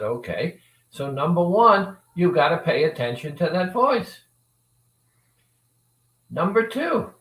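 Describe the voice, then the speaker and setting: Male coach, slow and expressive, plays both voices in his story; recorded from a distance in an echoey room. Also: fairly high pitch. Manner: acts out both sides of a dialogue with lively shifts. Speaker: weight-loss coach. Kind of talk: motivational storytelling talk.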